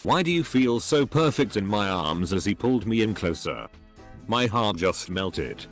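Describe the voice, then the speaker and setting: A man reading online posts aloud as narrator, spelling out abbreviations letter by letter. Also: fairly low pitch.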